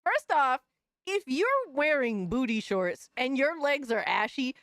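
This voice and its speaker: Woman streamer chatting to her viewers, lots of slang and swearing, higher voice, pretty dry close sound. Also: very animated, a little slow, a bit bright, no room sound. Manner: loose, profane slang, breaks into laughter. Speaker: livestream host. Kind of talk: casual livestream chat.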